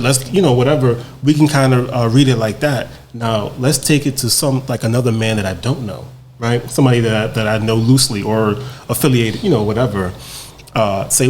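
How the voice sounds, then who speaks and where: A man's voice: mid-range voice, a little fast, a little mellow, a little hiss or hum. Storytelling man acting out dialogue. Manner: storytelling, acts out dialogue in raised voices. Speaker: podcast guest. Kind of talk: casual discussion.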